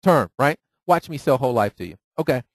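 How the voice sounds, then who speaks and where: A man's voice: mid-range voice, fairly quick, no echo, poor audio. A man teaching a live audience who keeps asking rhetorical questions and tagging them with "right?". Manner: lively, acts out phone calls in quoted voices. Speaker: financial seminar speaker.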